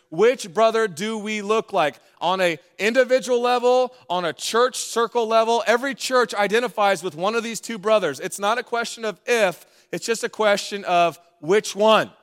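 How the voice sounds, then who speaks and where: A man preaching a sermon in a playful, conversational way, with asides to the congregation. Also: sits high. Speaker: pastor.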